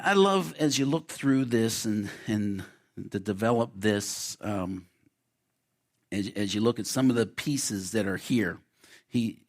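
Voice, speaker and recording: Low-voiced man preaching earnestly. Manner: earnest, repetitive storytelling with personal testimony. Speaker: pastor. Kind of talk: sermon. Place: church sanctuary.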